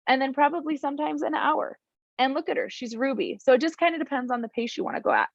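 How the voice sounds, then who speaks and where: Encouraging young woman, team-leader pep talk, bright-ish voice. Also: high voice, animated, fast talker, no echo, highs cut off. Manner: warm, encouraging, emotional at times; chatty with many fillers. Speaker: team leader addressing her downline. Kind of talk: casual motivational talk.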